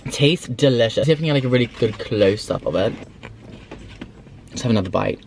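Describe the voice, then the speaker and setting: A man, rambling excitedly and swearing freely as he reviews fast food from his car. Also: mid-range voice, slight background noise. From Sweden. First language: Swedish. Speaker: food vlogger. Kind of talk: casual food review vlog. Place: in a car while driving.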